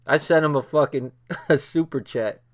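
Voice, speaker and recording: A man's voice: a little high, normal speed. An older man hosting a late-night livestream, laughing hard and swearing a lot as he reacts to a show. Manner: laughing, profane, excitable. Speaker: livestream host.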